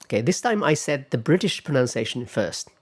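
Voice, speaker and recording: A man giving a pronunciation lecture, speaking deliberately and repeating example words several times to demonstrate them. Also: mid-range voice, very animated, slightly rough.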